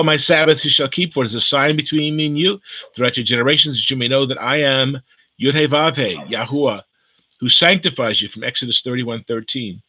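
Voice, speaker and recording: Bright-voiced man streaming a home sermon. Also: mid-range voice, dry recording, rough recording. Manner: hesitant, repeats words, many fillers. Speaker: congregation leader. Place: living room at home. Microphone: camera for live stream.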